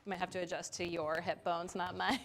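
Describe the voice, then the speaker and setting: A woman teaching a live yoga class in a studio, giving calm step-by-step cues with casual asides. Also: fairly low pitch, creaky. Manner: calm cueing with chanted Sanskrit and casual asides.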